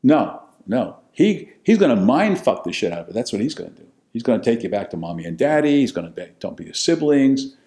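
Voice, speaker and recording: Blunt older man with a lively voice. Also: brisk, few pauses. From United States. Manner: animated, blunt, profane, swings from loud to low. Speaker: podcast host telling his life story. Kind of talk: casual storytelling monologue.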